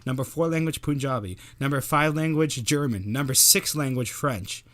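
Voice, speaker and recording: A man's voice: medium pitch, moderate pace, a bit bright. A man from Canada, co-hosting a casual political podcast and voicing opinions through rhetorical questions. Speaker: podcast co-host.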